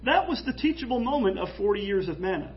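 A man preaching an animated, jokey sermon in church, acting out quoted voices. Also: sits high, fast talker, muffled recording, slight background noise. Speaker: pastor.

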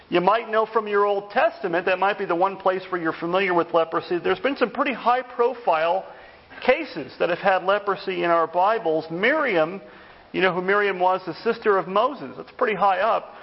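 High, gravelly-voiced pastor preaching. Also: male voice, highs cut off. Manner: conversational, animated when retelling stories. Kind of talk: evening sermon. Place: church.

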